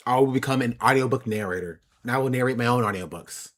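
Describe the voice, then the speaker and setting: Talking at a quick pace in a mid-range voice, a man streams live and chats casually, reading out and answering his viewers' questions. Frequent laughter and repeated phrases punctuate his points.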